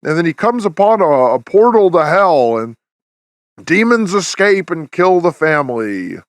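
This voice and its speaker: A man with a somewhat high voice talks through a film's plot in a loose, rambling way, full of restarts and fillers. The sound is dry and close, with no room around it. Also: big pitch swings, moderate pace, no room sound. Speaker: podcast host. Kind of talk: casual review chat.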